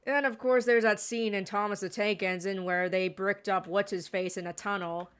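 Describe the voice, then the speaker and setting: A woman's voice: medium pitch, steady tone, moderate pace, clean tone. A woman giving casual gameplay commentary, rambling with sarcastic asides. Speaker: gaming streamer.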